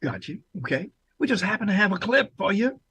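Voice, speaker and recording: A man's voice: high-pitched, big pitch swings, fairly quick, pushed and bright, slightly rough. A man hosting an interview show, effusive and repeating his praise. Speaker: talk show host.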